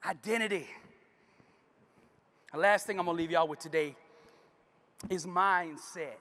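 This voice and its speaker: High, bright-voiced motivational speaker. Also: male voice, a little slow. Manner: preacher-like, calls out to the crowd. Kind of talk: live motivational speech with storytelling. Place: large hall in front of a live audience. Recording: long hall reverb from a live stage.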